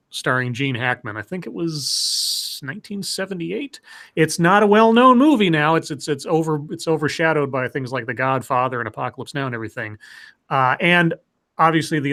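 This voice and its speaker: A man's voice: on the high side, normal speed, a bit bright. A man co-hosting a livestream, talking casually with fillers and repeated words. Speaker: stream co-host.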